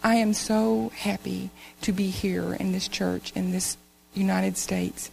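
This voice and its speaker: Woman, earnest church testimony, gravelly tone, faint background hum. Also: medium pitch, little pitch movement, slow pace, darkish tone, rough recording. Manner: earnest, emotional storytelling. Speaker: church member giving a testimony.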